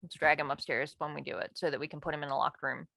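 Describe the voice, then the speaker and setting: A woman's voice: sits low, fairly even intonation, fast talker, gravelly, sharp tone. A woman playing a tabletop game who suggests plans in a practical way. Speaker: player. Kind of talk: casual tabletop play.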